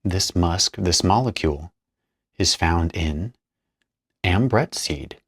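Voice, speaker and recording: A man's voice: low voice, lively intonation, takes it slowly, husky, no echo, studio quality. A man explaining perfume materials as he mixes them, chatting casually and thinking aloud while he works. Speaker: perfumer demonstrating a blend. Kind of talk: casual hands-on tutorial narration.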